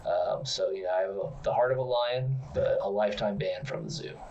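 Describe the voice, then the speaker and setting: A man co-hosting a comedy podcast, telling absurd stories in a rambling, deadpan way. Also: fairly low pitch, a little fast, recorded from a distance, highs cut off, slight background noise. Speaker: podcast co-host.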